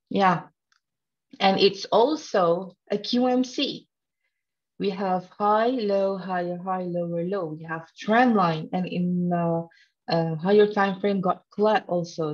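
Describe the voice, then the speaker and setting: A woman runs an online trading lesson, teasing her viewers and laughing as she talks. Her voice sits a little low and moves at an unhurried pace. The sound is dull and lo-fi, like webinar audio. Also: darkish tone. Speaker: trading instructor.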